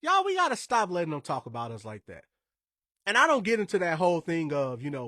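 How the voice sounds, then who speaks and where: Male podcast host from Indiana, casual and emphatic, slightly high voice, dry studio sound. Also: wildly swooping pitch, a little fast, pushed and bright, no room sound. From Indiana, USA. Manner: emphatic, conversational, wandering asides.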